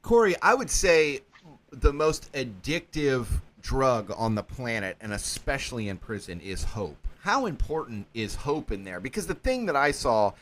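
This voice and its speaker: A man hosting a podcast, recounting his jail intake in an animated, conversational way and acting out the quotes. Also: mid-range voice, normal speed. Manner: animated storytelling with acted-out quotes. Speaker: podcast host.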